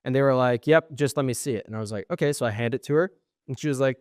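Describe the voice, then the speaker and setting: A man's voice: medium pitch, very fast, dry recording, clean studio sound. Young man telling a profane story. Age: young adult. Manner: animated, profane, acts out quoted exchanges. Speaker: podcast co-host. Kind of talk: casual storytelling.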